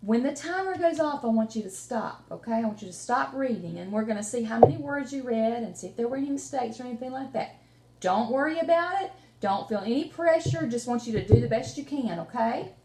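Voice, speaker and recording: Woman teacher, encouraging read-aloud tutor, mellow tone, roomy room sound. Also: fairly high pitch, a little fast. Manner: expressive and encouraging. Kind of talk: reading aloud and tutoring a child. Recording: roomy room with faint noise.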